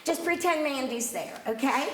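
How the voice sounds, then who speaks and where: A woman's voice: high-pitched, normal speed, echoey room, background noise. A woman teaching an acting workshop to a group. She is chatty, playful and self-mocking, and she wears a microphone. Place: theater rehearsal space with a stage area. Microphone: wearing a microphone.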